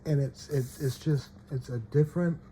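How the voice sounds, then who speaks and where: A man's voice: mid-range voice, fairly even intonation, normal speed, mellow, slight background noise. A man casually showing trading cards, often checking "okay?" and trailing off mid-sentence. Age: adult parent. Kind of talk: casual show-and-tell.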